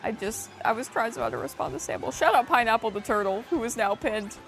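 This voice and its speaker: A woman co-hosting a livestream, excitable and self-mocking as she plays a racing game and chats with her viewers. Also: on the high side, quick pace, vocal fry, faint music behind. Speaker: livestream co-host playing a kart racing game. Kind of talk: casual livestream banter.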